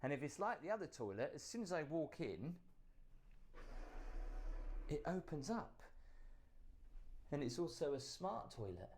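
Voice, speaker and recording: A man's voice: fairly high pitch, big pitch swings, a little slow, long pauses, a little mellow, a little hiss or hum. A British man streaming a casual tour, chatty and marveling at what he finds. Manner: wide-eyed, marveling, chatty. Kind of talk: casual touring commentary.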